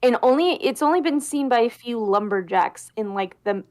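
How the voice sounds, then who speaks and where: A woman's voice: fairly high pitch, moderate pace. A woman from Minnesota, chatting casually on a podcast and telling a creepy story with lots of fillers. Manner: animated storyteller, hesitant fillers. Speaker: podcast guest. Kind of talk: casual chat.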